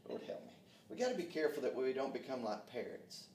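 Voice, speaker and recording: A man preaching a sermon, fervent, calling out amen and dropping to hushed tones. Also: medium pitch, sing-song, quick pace, slight background noise. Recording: echoey room, mic far off.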